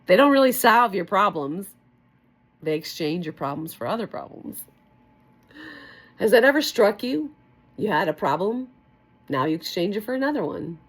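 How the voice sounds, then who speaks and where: A woman's voice: mid-range voice, sing-song, moderate pace, pauses often, slightly rough. A woman reading a book aloud to her camera, stopping to comment in a giddy, affectionate, sing-song way. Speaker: book reader and vlogger. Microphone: facing her own camera.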